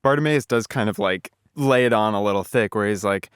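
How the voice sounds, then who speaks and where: A man's voice: lowish voice, brisk, smooth, no room sound, clean studio sound. A man on a casual book podcast, playful and laughing often, acting out characters' lines. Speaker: podcast co-host.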